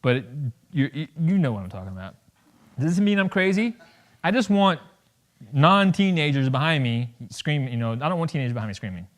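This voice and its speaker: A man's voice: on the high side, sing-song, brisk. A man in his thirties, a veteran giving a public talk to an audience, blunt and joking, acting out conversations as he tells them. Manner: blunt, joking, acts out dialogue with wide swings of loudness. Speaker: veteran speaker.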